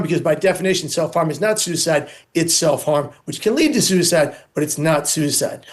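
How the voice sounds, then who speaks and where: A man's voice: on the high side, normal speed. A man speaking as an interview guest on suicide prevention, earnest and emphatic, stacking points into insistent lists.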